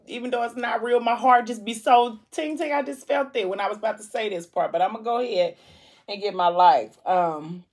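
A woman's voice: medium pitch, normal speed. Emotional woman recapping a book. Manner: emotional retelling of a story, voice dropping soft at sad parts. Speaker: vlog host discussing a book. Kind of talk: casual book chat while eating. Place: home.

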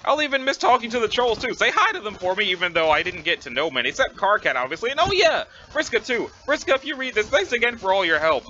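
Guy doing a happy goofy teen boy, high bouncy voice, bright, lo-fi hiss. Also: very animated, fast, hardly any pauses, full character voice. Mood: upbeat. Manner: upbeat and friendly. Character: cheerful goofy teenage boy writing a letter.

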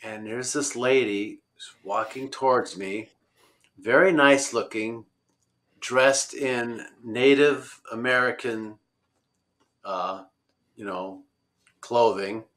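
A man's voice: mid-range voice, fairly even intonation, slow, long pauses, fairly bright tone. A man telling a travel story in a rambling conversational way, with many fillers and restarts. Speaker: road-trip traveler guest.

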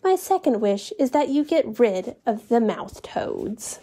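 A woman voicing a gentle, polite girl. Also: on the high side, sing-song, measured pace. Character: kind, polite plain young girl.

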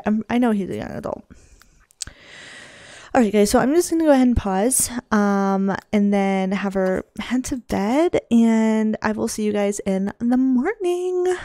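A woman giving casual commentary over her life-sim gameplay, excitable and dramatic, gasping and laughing as she reacts. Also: mid-range voice, measured pace, no echo, studio quality. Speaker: video game let's-play host.

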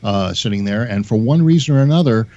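Wry, low-voiced male caller. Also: lively intonation, fast talker, warm tone. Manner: opinionated and wry, chuckles. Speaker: radio caller. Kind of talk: phone-in chat. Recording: dull, lo-fi phone line.

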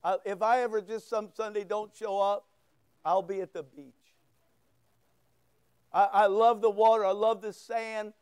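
A man's voice: high voice, level tone, a little slow, pauses often, a little mellow, clear, resonant tone, no room sound, clean studio sound. A man preaching a sermon, fervent and emphatic, with rising bursts. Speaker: pastor.

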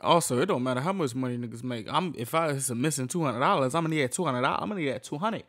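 A man's voice: medium pitch, animated, rapid-fire, hardly any pauses, fairly bright tone. Slangy man reacting in casual chat. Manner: slangy, exclaiming, laughing between remarks. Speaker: reaction video host.

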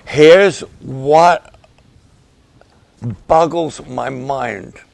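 A male pastor preaching to the camera, slow and emphatic, repeating key phrases for weight. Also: medium pitch, vocal fry, a little mellow, dry recording. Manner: slow, deliberate, emphatic with repetitions.

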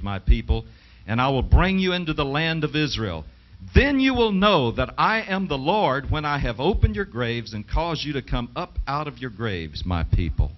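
A middle-aged man preaching a sermon and reading scripture aloud. He speaks with emphasis and asks the audience rhetorical questions. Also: medium pitch. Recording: dull lo-fi 1980s television broadcast.

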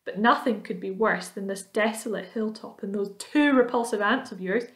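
A woman voicing a kind and gentle female ladybird in a children's story, speaking in a soothing, reassuring way. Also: medium pitch, normal speed, reverberant, lightly acted. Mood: kindly.

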